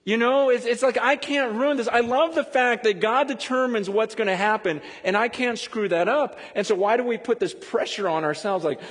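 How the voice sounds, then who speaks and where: Animated preacher in an echoing hall. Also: male voice, extremely high pitch. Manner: animated, conversational preaching with quick laughs. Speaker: pastor. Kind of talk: sermon.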